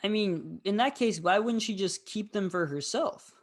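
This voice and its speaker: A man gives his thoughts on a film in a loose, unscripted monologue. He has a somewhat high voice, rambles, and uses fillers freely as he talks. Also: moderate pace. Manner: rambling, candid, with frequent fillers. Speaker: film review host. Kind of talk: casual film review monologue.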